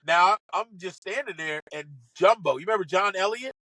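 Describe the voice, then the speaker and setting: A man telling stories from his caddying days in an animated way, acting out what other people said. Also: high voice, no echo, poor audio. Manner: fast, excitable, acts out other people's quotes. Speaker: podcast guest, former caddy. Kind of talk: animated storytelling.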